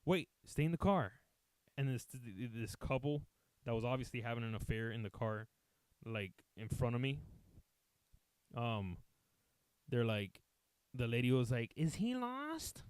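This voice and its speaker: A man's voice: medium pitch, normal speed, long pauses, clear, resonant tone, no echo. A man telling a comic story in a casual, profane way, acting out what everyone said and slipping between English and Spanish. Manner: profane, animated, acts out quotes, switches between English and Spanish. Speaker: podcast host telling a story.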